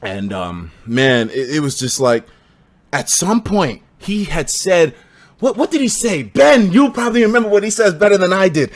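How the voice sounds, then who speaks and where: A young man with a high voice tells a story on his live stream. His pitch swings all over the place, and he mixes loud high shouts with laughter and a lot of swearing. He comes across as a very animated storyteller. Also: normal speed. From United States.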